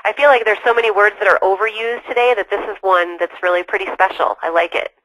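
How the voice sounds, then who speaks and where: A woman's voice: mid-range voice, quick pace, a bit bright, low-quality recording. A woman speaking as a guest expert in a sales webinar, chatty and enthusiastic.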